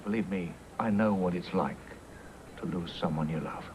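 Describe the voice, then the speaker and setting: An actor with an English accent playing a calm, quietly menacing detective who speaks softly. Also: male voice, lightly acted. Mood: coaxing. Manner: soft-spoken, measured, low threat. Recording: noisy old videotape broadcast.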